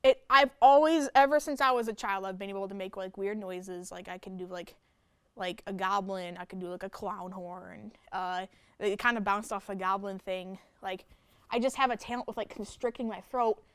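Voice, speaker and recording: A young woman talks casually in a campus radio studio, circling her answers with constant fillers. Her voice is smooth and resonant, and the sound is close and dry with no room echo. She speaks at a mid pitch. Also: steady tone, moderate pace. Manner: rambling, full of "like" and "you know". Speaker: death metal guitarist and vocalist. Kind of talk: casual interview chat.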